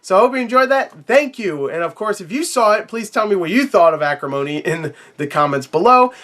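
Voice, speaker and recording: A man's voice: high voice, lively intonation, fairly quick, fairly bright tone. A man giving a rambling, profane movie review with frequent laughter and a sore throat. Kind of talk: casual spoiler review to camera.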